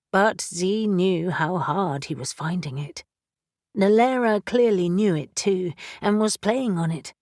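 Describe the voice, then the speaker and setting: Slow, measured woman narrating a fantasy audiobook. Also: lowish voice, dry recording, clean studio sound. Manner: measured, even storytelling. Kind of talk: scripted narration.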